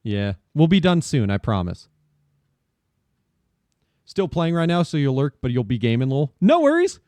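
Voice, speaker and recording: A man chatting casually with his viewers during a game stream, upbeat and quick to laugh. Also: a little high, very animated, darkish tone, dry recording, studio quality. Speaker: VTuber streamer. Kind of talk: casual live-stream chat.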